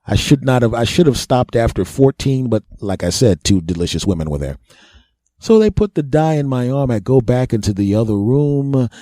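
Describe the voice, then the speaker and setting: A man's voice: mid-range voice, warm tone, dry recording, studio quality. Self-mocking man telling a comic story. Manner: self-mocking, laughs at his own jokes, acts out other voices. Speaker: comedian telling a personal story. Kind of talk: comedic storytelling monologue.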